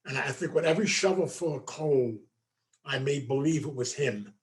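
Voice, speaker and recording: A man's voice: mid-range voice, moderate pace. A man, a meditation teacher, giving a folksy storytelling talk to a group, full of asides. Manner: folksy, conversational, many asides.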